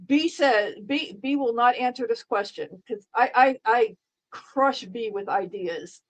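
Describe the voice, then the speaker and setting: A woman's voice: a little high, low-quality recording. A middle-aged woman streaming live, chatting casually in a dry, sarcastic, rambling way with frequent restarts.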